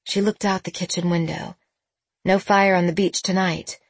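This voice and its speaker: Woman narrator, audiobook reading, low voice, breathy, dry close sound. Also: no room sound. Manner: measured, expressive reading.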